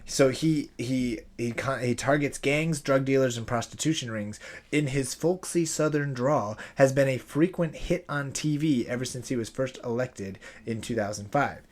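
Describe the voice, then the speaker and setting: Animated pastor co-hosting a chatty podcast. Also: male voice, medium pitch, normal speed. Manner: animated, trails off in restarts and laughs. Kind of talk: casual chat, reading news stories aloud.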